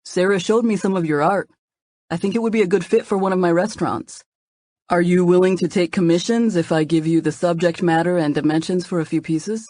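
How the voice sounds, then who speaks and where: A woman's voice: on the low side, fairly even intonation, brisk, warm tone, no echo, close to an everyday voice. A woman voicing a confident young man who jokes and teases playfully. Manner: teasing, playful.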